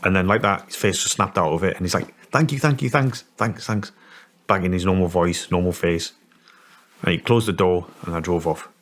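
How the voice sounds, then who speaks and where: A Scottish man in his forties, telling a story in an interview in a halting way, with many restarts. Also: low-pitched, steady tone. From Scotland. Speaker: interview guest.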